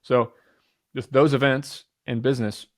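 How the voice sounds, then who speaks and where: Energetic, candid man in his thirties. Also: mid-range voice, a little slow, no echo, studio quality. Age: 30s. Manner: energetic, talks with certainty; candid, swears casually. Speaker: entrepreneur guest. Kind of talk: podcast interview.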